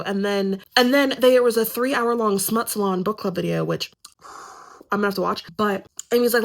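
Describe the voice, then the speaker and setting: A young woman book vlogger rambles casually and pokes fun at herself, running low on sleep. Her voice sits on the high side with a creaky quality, and she talks at normal speed.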